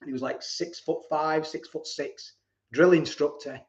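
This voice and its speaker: A man's voice: a little high, steady tone, moderate pace. Rambling man in a roomy space. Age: 40s. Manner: rambling, repeats words, chuckles often. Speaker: live-stream host. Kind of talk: casual live-stream chat and storytelling. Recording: roomy, dull lo-fi home stream.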